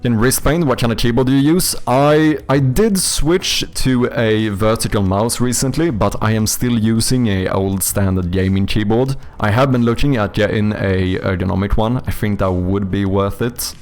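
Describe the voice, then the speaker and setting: A man's voice: on the low side, normal speed, few pauses, a little mellow, soft background music. A young man with a Swedish accent, a game developer chatting casually with viewers on a livestream, rambling and swearing freely. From Sweden. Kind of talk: casual livestream chat reading viewer comments.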